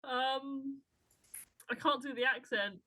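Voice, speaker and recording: Hesitant young woman, bright voice. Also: high-pitched, fairly even intonation, takes it slowly, no echo, poor audio. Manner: hesitant, giggly. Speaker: guest, host's daughter. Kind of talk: casual chat.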